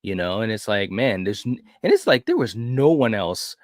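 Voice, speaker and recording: A man hosting a film review podcast, retelling a horror movie in an animated, casual way with frequent restarts. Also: on the low side, moderate pace, dry recording, studio quality. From grew up in a city. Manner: animated storyteller, frequent restarts and "you know".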